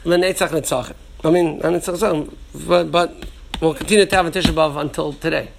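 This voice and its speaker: A man's voice: a little high, steady tone, fast talker, vocal fry, a little hiss or hum. A man giving a Torah class, thinking aloud with many restarts and repeated words, and mixing Hebrew and Yiddish terms into his English. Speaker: Torah teacher.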